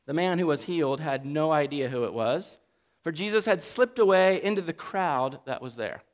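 A man preaching a sermon in an animated, humorous, conversational way. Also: a little high, normal speed. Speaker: pastor.

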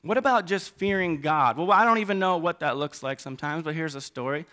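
A middle-aged man preaching a sermon, animated, swinging between loud emphasis and quiet asides. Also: fairly high pitch, a little fast.

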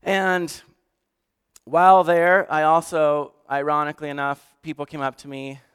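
A man's voice: a little high, flat delivery, measured pace, a bit bright, clear, resonant tone. A man speaking as a pastor to his church in a conversational sermon, moving from joking asides to earnest, emotional storytelling.

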